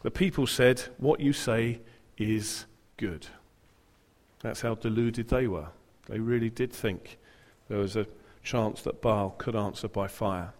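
A man's voice: fairly low pitch, steady tone, normal speed, few pauses, in a large hall. A man preaching a sermon, retelling a story with dramatic, humorous flair.

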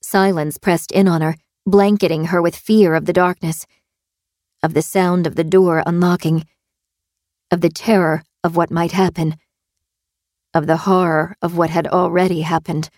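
A woman narrating a suspense audiobook in a steady, tense storytelling manner. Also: on the low side, normal speed, no room sound, studio quality.

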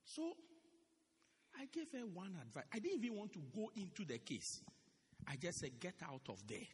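A male pastor delivers an animated sermon in a church with a high, lively voice that rises and falls freely. He leans on repetition, saying key phrases again and again for emphasis. The sound carries a long church-hall reverb. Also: normal speed, slight background noise.

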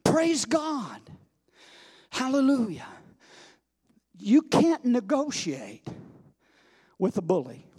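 A man preaching a sermon, moving from hushed storytelling to loud, shouting climaxes and repeating phrases for emphasis. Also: very high-pitched, wildly swooping pitch, slow, long pauses, breathy edge.

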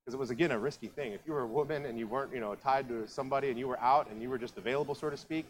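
A man's voice: mid-range voice, racing, slight background noise, rough recording. Chatty male pastor telling a story. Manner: conversational storytelling, lots of asides. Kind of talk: sermon. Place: church.

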